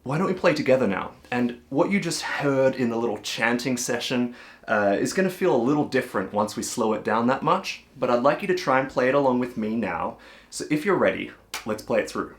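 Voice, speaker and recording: A man with a middle-pitched voice teaches a cajon lesson. His tone stays patient and reassuring. Now and then he counts aloud or sings rhythm syllables to show a beat. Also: lively intonation, brisk. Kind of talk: relaxed, encouraging music lesson.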